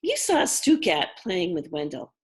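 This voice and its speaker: A woman voicing a kindly, mysterious older housekeeper who speaks gently in a storybook reading. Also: on the low side, big pitch swings, a little slow. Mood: gentle.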